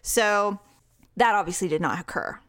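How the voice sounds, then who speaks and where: A woman's voice: medium pitch, moderate pace, fairly bright tone, no echo, clean studio sound. A woman in her late forties, chatting casually and laughing often, self-mocking and talkative. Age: 40s. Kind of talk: casual chat.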